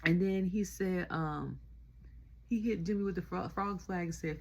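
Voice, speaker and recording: Husky low-voiced woman ranting casually. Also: a little slow. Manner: laughs often, animated retelling with quoted voices. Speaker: wrestling show reviewer.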